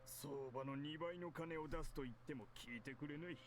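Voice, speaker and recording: An actor voicing a shrewd, self-serving middle-aged corporate director in a visual novel, genial and condescending. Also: male voice, fairly high pitch, fast talker, noisy background, lightly acted.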